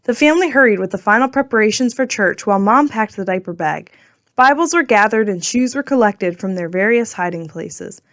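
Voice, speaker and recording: A woman narrating a children's storybook in a clear, gentle storytelling manner. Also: mid-range voice, expressive, fairly quick, dry recording, clean studio sound. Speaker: audiobook narrator.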